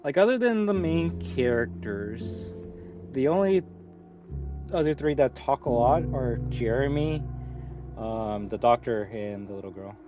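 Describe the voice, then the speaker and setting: A man's voice: mid-range voice, animated, unhurried. Guy streaming a game, rambly and cussing, mid voice, kinda muffled with faint music under it. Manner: rambling, swearing, frequent fillers and restarts. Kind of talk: casual live-stream commentary.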